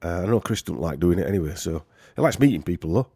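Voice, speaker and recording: A man with a Yorkshire accent, rambling through a casual podcast chat. His voice sits a little low, and it is recorded close and dry with no room sound. He jokes around and leans on fillers and restarts. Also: animated, fast talker, mellow, breathy edge, no room sound. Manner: rambling, joking, many fillers. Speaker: podcast host.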